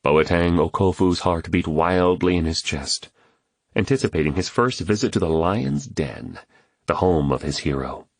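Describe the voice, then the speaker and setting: Male audiobook narrator, deep and measured, close dry studio mic. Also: dry recording. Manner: measured, steady storytelling.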